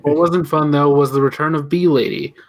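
A man's voice: fairly high pitch, fairly even intonation, fairly quick. A man co-hosting a podcast, giving wry, offhand opinions in a casual chat about TV episodes. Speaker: podcast co-host.

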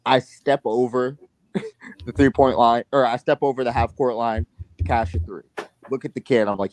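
A young man hosts a casual podcast, spinning a rambling, profane story thick with fillers and restarts. His voice sits at a middling pitch and sounds dry and close, with no room around it. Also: steady tone, moderate pace, darkish tone, no room sound. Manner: rambling, profane anecdote-telling with many fillers. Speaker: podcast host.

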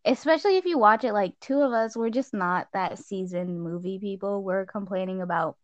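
A teenage girl casually chatting as she reviews a film, lively and full of retellings. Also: a little fast, no room sound, muffled recording. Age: teens. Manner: animated, acts out scenes in squeaky voices. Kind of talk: casual chat.

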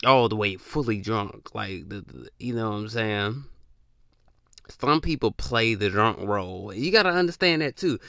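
A man's voice: on the low side, pushed and bright, no echo, studio quality. A young man hosting a podcast, talking in a loose, rambling casual monologue full of slang and emphatic repeats. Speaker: podcast host.

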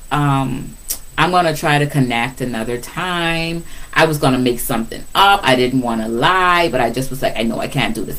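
A middle-aged woman with a low, full voice talks about faith in a relaxed, conversational way. She repeats her key phrase for emphasis and slips into lively retellings. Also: poor audio. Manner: animated, repetitive, laughs often. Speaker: Christian speaker. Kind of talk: casual faith talk.

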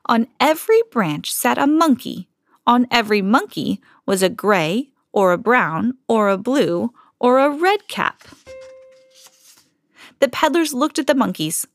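Woman narrator, children's picture book read-aloud, expressive, slows down on refrains. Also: a little high, no room sound, clean studio sound. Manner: expressive, lingers on repeated phrases. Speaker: storybook reader, podcast host.

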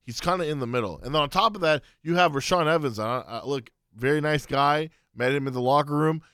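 A man co-hosting a sports podcast, explaining and defending his takes in casual debate with halting restarts. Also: fairly high pitch, a bit bright, clear, resonant tone, no echo, clean studio sound. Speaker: podcast co-host.

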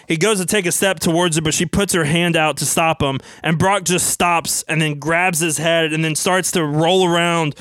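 A man casually narrating a wrestling storyline as brisk play-by-play. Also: fairly high pitch, a bit bright, clear, resonant tone, dry recording.

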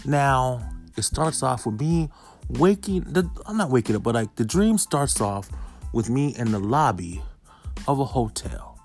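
A man in his thirties casually telling viewers a story, swinging from hushed asides to loud exclamations. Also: medium pitch, animated, measured pace. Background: faint background music.

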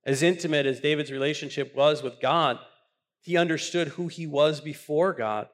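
Impassioned preaching man, higher voice. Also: normal speed. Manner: impassioned preaching, repeats words when building up. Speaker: pastor. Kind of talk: sermon.

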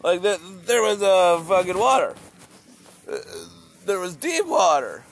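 Man, slow unhurried delivery, gravelly fry, rambling profane monologue, repeats himself. Vlogger. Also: sits high, very animated, heavy background noise.

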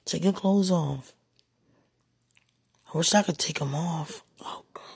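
A woman speaking an intimate spoken monologue, breathy and husky, often dropping into whispers and sighing exclamations. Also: lowish voice, slow pace, a little mellow, no echo, clean studio sound. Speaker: podcast speaker.

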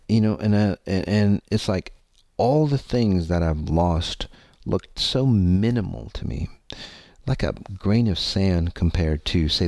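A man's voice: deep voice, darkish tone, no echo, studio quality. A man telling a candid personal story to his audience, rambling and earnest, with many fillers and some casual swearing.

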